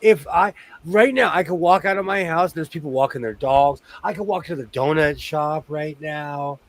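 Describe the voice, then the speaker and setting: A Los Angeles man with a higher-pitched voice speaks at a moderate pace as the host of a sewing show. He chats casually, rambling through stories and restarting often.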